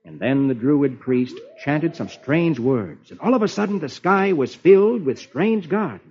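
Playful, lively male radio storyteller. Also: on the high side, measured pace, slightly rough. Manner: playful, sing-song storytelling. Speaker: radio host reading the comics. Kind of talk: lively children's radio reading. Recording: muffled old radio broadcast.

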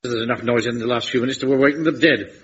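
An actor playing a pompous, blustering Home Guard captain in a vintage radio comedy. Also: male voice, mid-range voice, very fast, fairly bright tone, close to an everyday voice. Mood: exasperated. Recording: dull vintage broadcast recording.

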